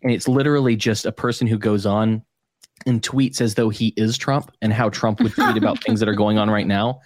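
A man's voice: lowish voice, fairly even intonation, a little fast, no room sound, studio quality. A man hosting a podcast, chatting casually in a rambling, jokey way and laughing often. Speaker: podcast host.

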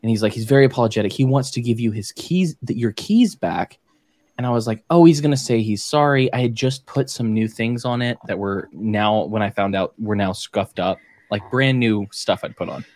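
A man telling a story in casual chat with friends, animated and swearing, acting out the quoted voices. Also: on the low side, moderate pace, dry recording.

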